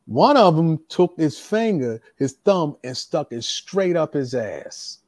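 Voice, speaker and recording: Man, casual storyteller, animated, acts out quotes, close dry sound. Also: on the high side, slow pace, no echo. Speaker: retired wrestler telling stories.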